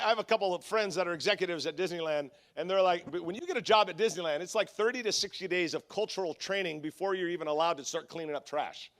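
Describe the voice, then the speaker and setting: High-voiced joking pastor preaching. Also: male voice, fairly bright tone. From Southern California. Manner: humorous, self-deprecating storyteller with frequent restarts. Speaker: guest conference speaker. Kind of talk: conference sermon with storytelling.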